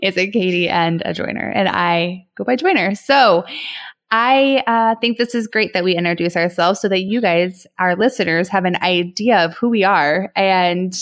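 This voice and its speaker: A woman's voice: lowish voice, normal speed. A woman from Ohio, co-hosting a podcast in casual chat with friends, chatty and laughing often. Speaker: podcast co-host.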